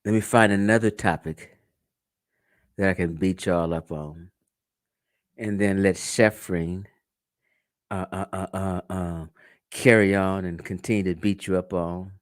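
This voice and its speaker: A man's voice: low-pitched, fairly even intonation, unhurried, long pauses, no echo, clean studio sound. A man from the United States hosting a livestream, talking casually and profanely to his viewers, telling stories and laughing often. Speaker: livestream host.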